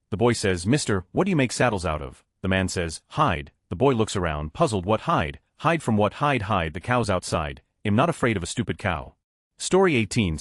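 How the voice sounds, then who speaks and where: Low, lively male joke narrator. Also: dry recording, studio quality. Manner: animated, reads numbered stories one after another. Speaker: narrator of reader-submitted jokes.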